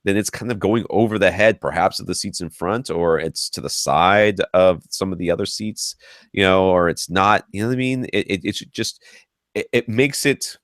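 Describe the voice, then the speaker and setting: Deep-voiced man giving chatty advice. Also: moderate pace, fairly bright tone, dry recording, studio quality. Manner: chatty, explains at length with restarts and fillers. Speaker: podcast co-host. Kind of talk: casual advice chat. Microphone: podcast mic.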